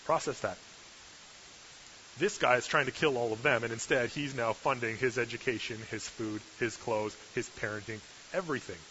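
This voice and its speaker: A man's voice: mid-range voice, fairly even intonation, moderate pace, pushed and bright. A male preacher giving a sermon with humorous, sarcastic asides, in a dull lo-fi recording with hiss.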